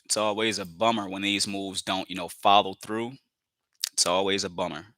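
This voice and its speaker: Speaking at a normal pace, a man with a low, fairly flat, slightly bright voice commentates live on his own trades. He repeats phrases, fills gaps with "you know," and calls his viewers family while talking himself into staying patient. The recording is dry.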